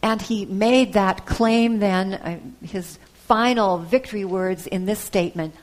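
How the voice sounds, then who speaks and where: Woman preaching a storytelling sermon. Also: mid-range voice. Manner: storytelling, with soft pauses and hesitations.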